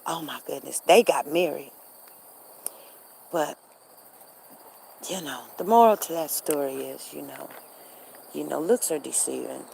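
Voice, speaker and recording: A woman's voice: sits low, unhurried, creaky, long pauses, warm tone, a little hiss or hum. A middle-aged woman hosting a live stream, telling a neighborhood story in a chatty, gossipy way with asides to her viewers. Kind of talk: casual storytelling. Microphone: live-stream device.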